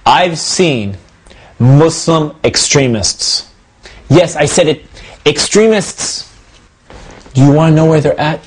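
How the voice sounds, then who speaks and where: A man's voice: mid-range voice, darkish tone, husky. A man hosting a comedy video, talking to the camera in a joking, preachy way. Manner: joking, then preachy and earnest. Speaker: host.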